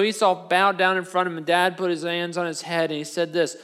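Man, fairly high voice, first-person sermon monologue, chatty storytelling, tag questions, restarts. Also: flat delivery, a little fast, few pauses, fairly bright tone, clear, resonant tone.

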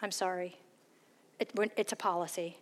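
Giving a storytelling testimony about her faith, a woman is frank and pokes fun at herself, animatedly performing the quoted voices of people from her stories. Her voice is fairly low, at a normal speed.

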